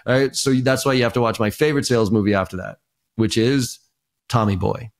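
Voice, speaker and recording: With a mid-range voice and a brisk delivery, the sales trainer chats on a casual podcast as a guest. He tells lively stories, stumbling through many fillers and restarts.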